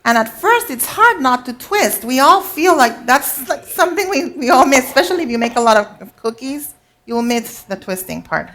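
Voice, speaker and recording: A woman's voice: sits high, expressive, moderate pace, fairly bright tone. Chatty woman teaching biscuit baking. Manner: chatty, instructive, checks in with audience. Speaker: cooking instructor. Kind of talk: live cooking demonstration. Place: teaching kitchen before a live audience.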